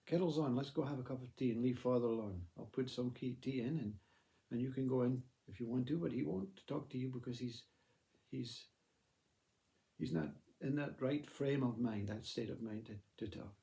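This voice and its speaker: A man voicing a calm, unbothered mother who brushes off her children's worries with soothing patience. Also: medium pitch, moderate pace, vocal fry, close to an everyday voice.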